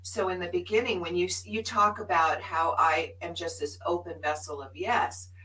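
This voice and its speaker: A woman's voice: fairly low pitch, steady tone, moderate pace, sharp tone, recorded from a distance, poor audio. A woman co-hosting a spiritual live show, sharing her journey in an earnest, emphatic way. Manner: earnest and emphatic, laughs often.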